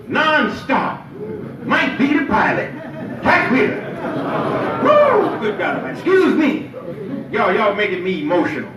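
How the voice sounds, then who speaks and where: A man preaching a lively Friday sermon as imam, playful and emphatic, drawing responses from the congregation. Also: high voice, slight background noise. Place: mosque prayer hall. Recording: echoey hall, picked up from far off.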